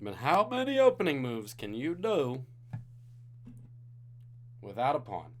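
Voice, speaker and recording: A man's voice: medium pitch, wildly swooping pitch, unhurried. A man from Singapore hosting a live-streamed trivia night, reading questions with jokey, playful asides to the chat. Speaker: trivia host.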